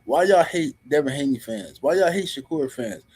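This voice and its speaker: A man with a high, husky voice hosts a live stream and rants about boxing. He talks heatedly and in slang, speaking straight to his viewers. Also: expressive, normal speed, a little mellow.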